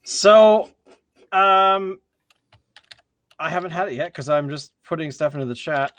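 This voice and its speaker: A man hosting a casual livestream beer tasting, excitable and prone to stammering restarts. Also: on the high side, unhurried. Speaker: host of a beer review show.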